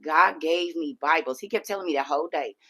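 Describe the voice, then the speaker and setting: Low, bright-voiced woman telling a story. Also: fairly quick. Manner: animated, talks straight to her audience. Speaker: livestream host. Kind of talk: casual storytelling to viewers.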